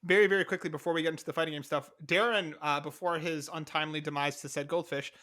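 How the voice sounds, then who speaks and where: Podcast co-host, young man, fast and bright, casual chat. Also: a little high. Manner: fast, animated, talks over his co-host.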